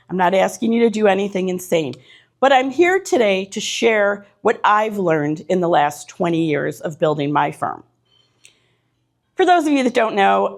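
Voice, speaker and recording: A middle-aged woman giving a motivational talk to a live audience in an event room, punchy and direct, stacking short repeated phrases. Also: mid-range voice. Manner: punchy, direct, repetitive lists. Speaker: keynote speaker.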